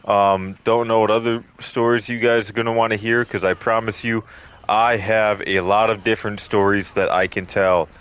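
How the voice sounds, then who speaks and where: A man's voice: lowish voice, flat delivery, normal speed, fairly bright tone, clear, resonant tone. A young man telling a rambling story casually, full of swearing and ums, acting out the quotes. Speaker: storytelling vlogger. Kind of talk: casual storytime over gameplay.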